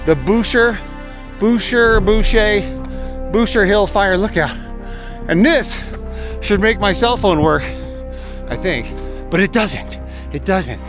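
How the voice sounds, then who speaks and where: A man vlogging on a hike outdoors, exclaiming excitedly at the sights while filming on a handheld pocket camera. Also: high voice. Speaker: travel vlogger. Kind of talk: walking travel vlog. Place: outdoors on a hilltop trail.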